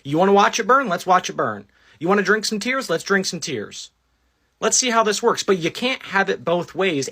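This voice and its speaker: A man's voice: a little high, bright, forceful tone, slightly rough. A man on a sarcastic, mocking social media rant, scolding his critics.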